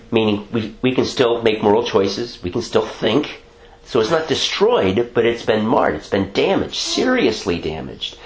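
A man's voice: mid-range voice, roomy sound. A man teaching a Bible class, talking through ideas and checking in with "okay?" often.

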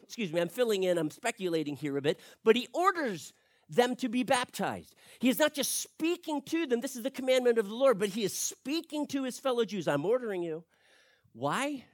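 A man preaching an expository sermon, animated and acting out the people he quotes. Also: very high-pitched, fairly quick, no room sound, studio quality. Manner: animated, acts out quoted speech.

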